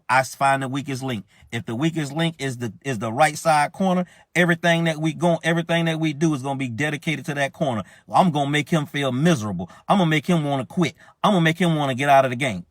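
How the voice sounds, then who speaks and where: Male minister, emphatic colloquial preacher with a fairly high voice, dry studio-like recording. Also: dry recording. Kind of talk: preaching on marriage.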